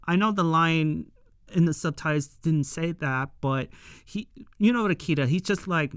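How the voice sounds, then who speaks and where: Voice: mid-range voice, moderate pace, dry recording, clean studio sound. A reviewer recapping a show episode in a loose, rambling way, full of fillers and casual paraphrase.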